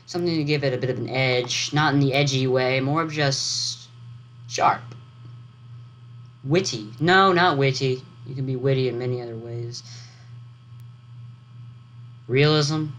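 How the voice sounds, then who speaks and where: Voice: mid-range voice, unhurried, pauses often. A vlogger chatting casually as they write, thinking aloud and correcting themselves, over a computer fan's hum. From United States. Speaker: writing vlogger. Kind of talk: casual rambling vlog commentary. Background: loud computer fan hum.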